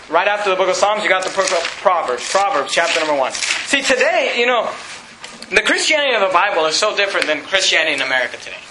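A man delivers a fiery sermon from the pulpit in a very high, piercingly bright voice. He chuckles through his asides and pushes his lines to near-shouts. The sound rings around an echoey church room with faint ambience behind him. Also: slight background noise. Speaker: pastor.

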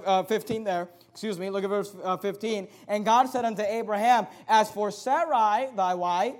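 A male preacher with a notably high voice delivers a sermon. He reads scripture and repeats phrases for emphasis. He slows right down on the words he wants to land.

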